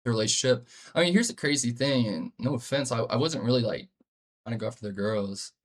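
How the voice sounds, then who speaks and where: Brief: young guy streamer, mid-pitched voice, cursing and telling stories with lots of "bro". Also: fairly quick. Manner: profane, animated storytelling, frequent "bro". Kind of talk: casual live-stream chat.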